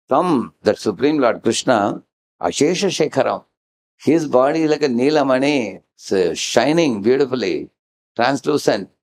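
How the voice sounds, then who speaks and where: A man's voice: mid-range voice, slight background noise. A man giving a devotional lecture, acting out characters' lines and often asking the audience "huh?". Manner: animated storyteller, acting out dialogue and chanting verses; frequent questioning "huh?" to the audience. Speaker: devotional speaker.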